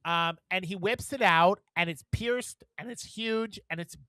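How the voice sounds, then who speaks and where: A man co-hosting a podcast, chatting casually in a blunt, profane, animated way. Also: sits high, a little slow, clear, resonant tone, dry recording. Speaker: podcast co-host. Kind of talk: casual chat.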